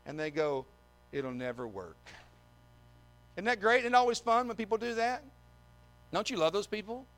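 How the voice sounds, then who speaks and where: Bright high-voiced man preaching a sermon. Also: lively intonation, fairly quick. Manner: emphatic, repeats words, dry humor. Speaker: visiting preacher. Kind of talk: sermon with scripture reading.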